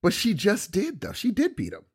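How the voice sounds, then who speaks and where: Husky laid-back man. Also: sits high, wildly swooping pitch, moderate pace. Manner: laid-back, joking, trails off mid-sentence. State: foggy, a bit under the weather. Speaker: podcast co-host. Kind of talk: casual chat.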